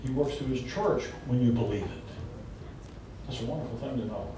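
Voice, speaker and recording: A man with a Southern US accent preaching a conversational sermon, folksy and emphatic, with joking asides. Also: a little fast. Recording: echoey hall from far off with faint rumble.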